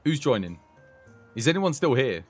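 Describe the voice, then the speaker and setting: A man commentating his live game stream, excitable and chatty, talking to his chat. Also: mid-range voice, normal speed, faint music behind.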